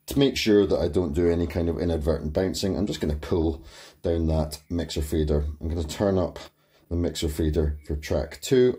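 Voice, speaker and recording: A man's voice: deep voice, mellow, slightly rough. A man hosting a tutorial and methodically explaining each control step by step in his home studio. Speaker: tutorial host.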